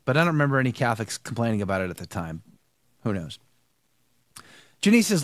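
Animated, lively-pitched male host. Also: fast talker, long pauses, no echo, clean studio sound. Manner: animated, rambling, repeats words. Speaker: show host. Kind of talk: live-stream commentary and chat.

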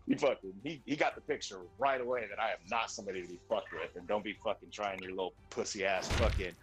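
A man's voice: fairly low pitch, brisk, faint music behind, low-quality recording. A man in his forties venting bluntly in casual chat while streaming, full of swearing. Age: 40s. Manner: profane, blunt, animated venting.

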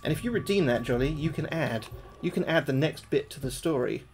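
A man streaming a horror game live, excitable and swearing, yelping when he gets scared. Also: fairly high pitch, brisk, slight background noise. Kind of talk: live gameplay commentary.

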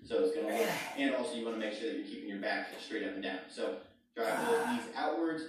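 A man's voice: on the low side, expressive, quick pace. A man teaching leg exercises, coaching upbeat through each move as he demonstrates it. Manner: upbeat coaching, demonstrating moves while talking. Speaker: fitness instructor. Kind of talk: workout demonstration. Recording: far from mic, very echoey room, clear noise.

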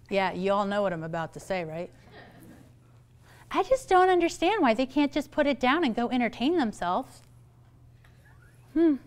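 A woman's voice: on the high side, sing-song, normal speed, pauses often. A middle-aged woman therapist giving a humorous, chatty talk to parents, acting out the people she quotes. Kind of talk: lively talk to an audience of parents.

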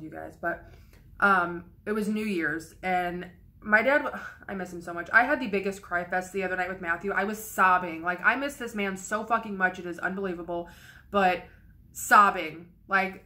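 A woman's voice: medium pitch, bright, forceful tone. A young woman vlogger telling a casual, candid story in a rambling way, swearing freely.

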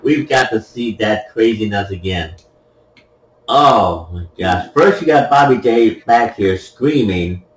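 Slow, joking man commenting on gameplay. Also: lowish voice, lively intonation. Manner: playful, laughs at his own jokes. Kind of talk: casual joking commentary over a replay. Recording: echoey room, mic at a distance.

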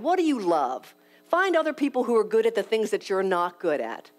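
A woman with a fairly high voice giving a motivational talk to young professionals. She tells a personal story frankly and with humor at her own expense. She often acts out what she said and thought at the time. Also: wildly swooping pitch, normal speed. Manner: frank and self-deprecating. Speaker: speaker at a leadership conference.

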